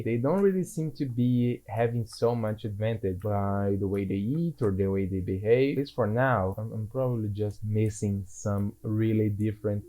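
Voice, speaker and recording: A man's voice: mid-range voice, dark tone, low-quality recording. A man giving casual gameplay commentary, rambling and apologetic, often restarting his sentences. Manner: rambling and self-deprecating, with frequent restarts. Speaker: gaming video creator.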